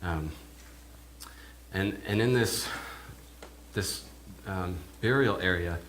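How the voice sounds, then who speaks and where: A man's voice: deep voice, takes it slowly, a bit bright, a little hiss or hum. A male minister preaching in character as an awed village pig herder, telling his story in the first person with hesitant, often repeated words. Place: church.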